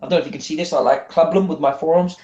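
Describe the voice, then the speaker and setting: A man's voice: a little high, steady tone, very fast, warm tone, highs cut off. A man in casual podcast chat, telling stories animatedly, swearing freely. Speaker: wrestler guest.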